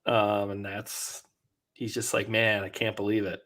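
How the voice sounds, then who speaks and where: A man's voice: lowish voice, a little slow. A man co-hosting a podcast, chatting casually about a reality show and acting out what the players said. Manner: animated, acts out quotes from the show. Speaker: podcast co-host. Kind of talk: casual recap chat.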